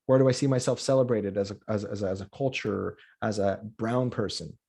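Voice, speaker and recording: A comedian born in Colombia and raised in the U.S. chats casually as a guest on a podcast, speaking with passion and repeating words as he builds a point. His voice is fairly low, husky, and dark with vocal fry, and he talks a little fast.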